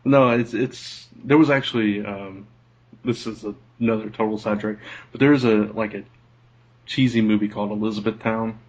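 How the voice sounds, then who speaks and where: A man's voice: fairly low pitch, steady tone, moderate pace, lo-fi sound. A man co-hosting a casual podcast, who laughs a lot and keeps wandering off into side stories. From lives in Kentucky, not born there. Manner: laughs often, rambles off on sidetracks. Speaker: podcast co-host. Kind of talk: casual chat.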